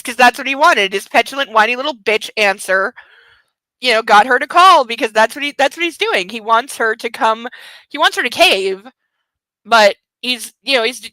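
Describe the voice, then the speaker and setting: A woman's voice: on the high side, sharp tone, dry recording, low-quality recording. A woman hosting a book club podcast, giving sarcastic, ranting commentary on a novel.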